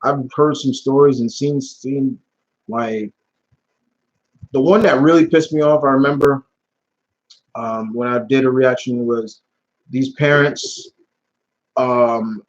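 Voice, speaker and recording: A man's voice: mid-range voice, steady tone, slow pace, long pauses. A young man hosting a live Q&A stream in casual talk, blunt and heated, swearing often and restarting his sentences. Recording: dull lo-fi stream audio.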